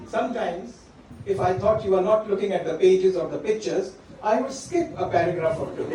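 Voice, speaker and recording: Dad giving a wedding speech, fairly high voice, heard from far off in a big echoey hall with guests laughing. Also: male voice, a little hiss or hum. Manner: warm storytelling, pausing to address his daughter by name. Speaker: father of the bride. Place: large function hall.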